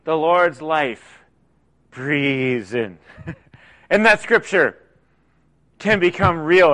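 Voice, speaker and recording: A man preaching a conversational sermon, often dropping to soft, quiet asides. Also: on the high side. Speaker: pastor.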